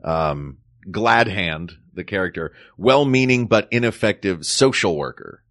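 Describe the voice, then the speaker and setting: Lively low-voiced man chatting. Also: measured pace, dry recording, clean studio sound. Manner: animated, jokey, puts on voices in quotes. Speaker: podcast co-host. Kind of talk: casual chat.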